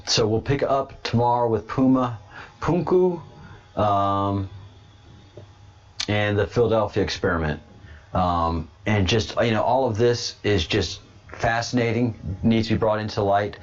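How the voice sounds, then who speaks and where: Halting, rambling male livestream host. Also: lowish voice. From born in Texas, raised abroad and in Louisiana. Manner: rambling, halting, many fillers and restarts. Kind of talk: casual livestream chat reading comments. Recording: dull lo-fi stream audio.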